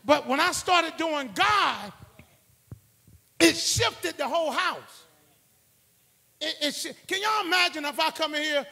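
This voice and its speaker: A male preacher whose unusually high voice carries a gravelly, fry-laced texture. He rides the room in call-and-response, sliding from hushed asides up to shouted exhortations. The sound hangs in a long reverb, as in a large church hall. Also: lively intonation, unhurried, long pauses. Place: church sanctuary.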